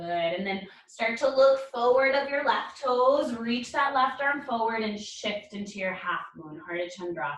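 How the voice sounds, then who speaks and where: Calm yoga instructor woman, roomy echo. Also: medium pitch, distant mic, slight background noise. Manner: calm, encouraging, short spoken cues. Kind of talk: guided yoga class cues. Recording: roomy echo, speaker away from mic.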